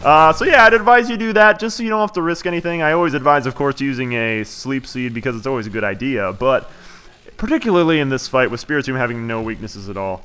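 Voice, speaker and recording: Young man, let's-play commentary, chatty and self-correcting, bright forceful tone, faint music behind. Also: mid-range voice, fast, smooth.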